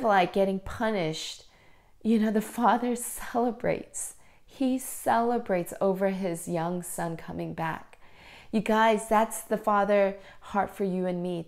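A woman leading a children's church lesson, retelling a parable with animated quoted voices, then speaking casually and encouragingly with many fillers. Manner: animated storytelling, acting out quotes with lively pitch jumps. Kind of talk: children's sermon.

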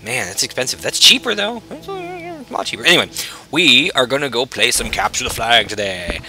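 A man's voice: medium pitch, big pitch swings, fairly quick, sharp tone, faint music behind. A man casually commenting on his own gameplay as a channel host, chatty and self-mocking, swearing freely.

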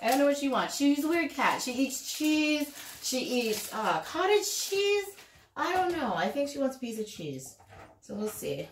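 Woman rambling through a cooking video at home, kinda high voice, echoey kitchen, lots of noise behind. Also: very animated, normal speed. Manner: chatty, rambling, talks to her cats. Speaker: vlogger. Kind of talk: casual cooking tutorial.

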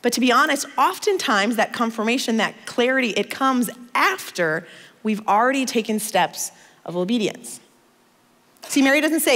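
A woman in her thirties from the United States, preaching a sermon in a conversational, expressive storytelling manner. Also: fairly high pitch, moderate pace, in a large hall.

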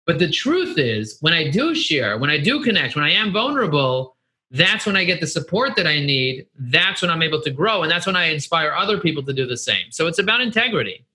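A middle-aged American marketing agency CEO speaks as an interview guest, earnest, animated, and candid, repeating phrases for emphasis. His voice is bright and forward, a bit higher than most men's, and he talks fairly quickly.

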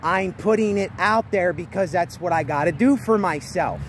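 A man with a fairly high voice giving a motivational vlog talk outside. He talks emphatically and repeats his points, pushing his voice up to carry over faint traffic passing nearby. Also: moderate pace. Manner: emphatic and repetitive, speaking loudly over outdoor noise. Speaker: vlogger. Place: outdoors near traffic.

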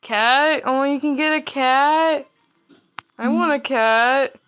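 A woman's voice: high-pitched, takes it slowly, a bit bright, dull audio, soft background music. A young woman giving casual gameplay commentary, playful and mischievous, often giggling as she talks. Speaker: gamer.

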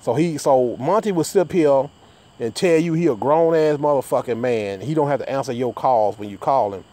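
A man's voice: medium pitch, normal speed, mellow. A man ranting casually to his viewers, profane and rambling, often stammering and restarting his sentences. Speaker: vlogger.

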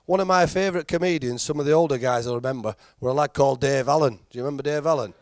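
Racing along in a mid-range voice, this Yorkshire-accented comic from Halifax is a middle-aged man doing chatty, self-mocking stand-up and ribbing the audience. The recording is dry and studio quality.

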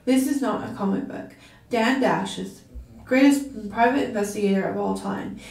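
Flustered young sleuth guy, as a woman reads him, a bit higher and pushy, roomy far-off mic. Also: moderate pace, creaky, darkish tone, natural voice. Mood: earnest. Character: excitable young man, comic-book-loving sleuth. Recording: roomy, from a distance.

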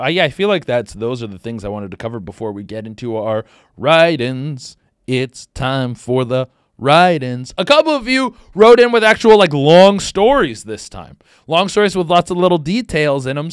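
A young man talking on his comedy podcast in a slightly high voice that leaps up and down in pitch. He riffs loosely, swears often and gets worked up. The sound is close and dry, with no room around it. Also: clear, resonant tone, dry recording. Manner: animated, swearing, excitable riffing. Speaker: podcast host. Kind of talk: casual comedic monologue.

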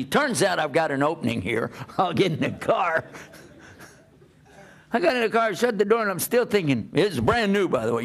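An older man preaching, telling a personal story in an animated way and often laughing as he talks. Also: mid-range voice, creaky. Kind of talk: storytelling talk.

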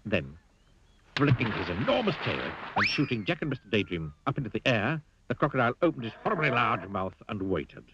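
A man reading a children's story aloud in an expressive, playful storytelling manner. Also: mid-range voice, brisk, muffled recording, slight background noise. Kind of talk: storybook narration.

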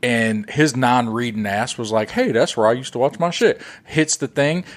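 Man, podcast host, casual chat, swears a lot, acts out the other voices in his stories, mid-pitched voice. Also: moderate pace. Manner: profane, animated storytelling with acted-out quotes.

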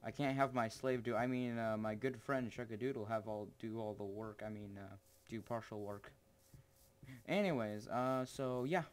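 A teenage boy hosting his own gaming channel, rambling through gameplay commentary with jokes and sudden excited yelps. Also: on the low side, normal speed. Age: teens.

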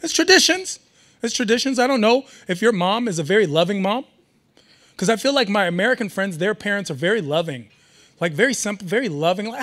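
Young male stand-up comic, high bright voice, riffs with the crowd. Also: fairly quick. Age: young adult. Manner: animated, riffing with the audience. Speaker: stand-up comedian. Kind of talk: stand-up comedy set. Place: event hall, live audience.

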